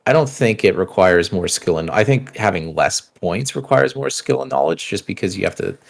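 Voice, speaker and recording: A man with a low-pitched, animated voice and some vocal fry speaks at normal speed as a co-host of a gaming podcast. He reads listener questions out loud and chats loosely and casually.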